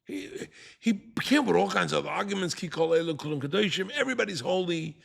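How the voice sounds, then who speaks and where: An older man teaches a Torah class with animation, leaning on rhetorical questions and acting out the people he quotes. His voice is high-pitched and creaky, and he talks a little fast.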